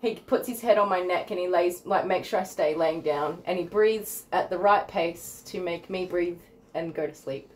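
A woman's voice: fairly low pitch, normal speed, rough recording. A woman dog groomer hosting a casual livestream from her salon, chatty and easily emotional.

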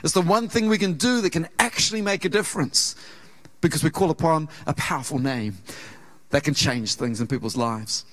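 A man with a New Zealand accent preaches from the pulpit in a fairly high voice for a man. He tells a personal story in an earnest, conversational way and slips into the voices of the people in it. His delivery moves between quick storytelling and slower, lower points of emphasis. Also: fairly bright tone. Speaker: pastor. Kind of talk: sermon. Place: church auditorium.

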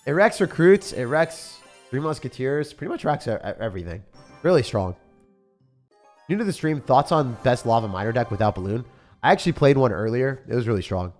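Young man, game streamer, live commentary, animated pitch, outbursts and mutters, faint music behind. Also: brisk. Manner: excitable, swings between loud outbursts and low muttering. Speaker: gaming streamer.

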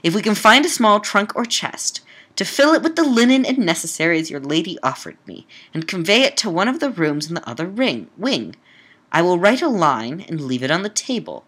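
A woman's voice: fairly low pitch, big pitch swings, normal speed, a bit bright, breathy edge, full character voice. A woman reading the lines of a frightened young heroine in a Gothic tale, with anguished exclamations. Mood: distressed.

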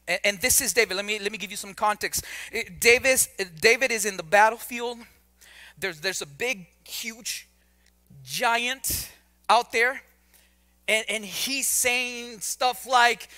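High-voiced conversational male preacher. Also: sharp tone. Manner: conversational, repeats words, joking asides. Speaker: pastor. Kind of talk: sermon.

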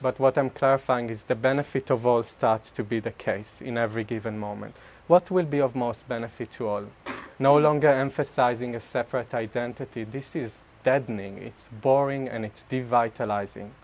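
Animated man giving a spiritual talk. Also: mid-range voice, normal speed, few pauses. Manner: animated and self-mocking, laughing often mid-sentence. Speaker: speaker sharing at a group retreat.

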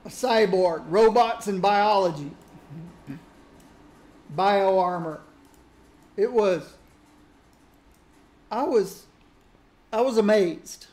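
A man casually reminiscing about old games while he plays, musing aloud in a relaxed way. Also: high voice, extremely slow, long pauses. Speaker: gaming streamer. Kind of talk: casual commentary while playing.

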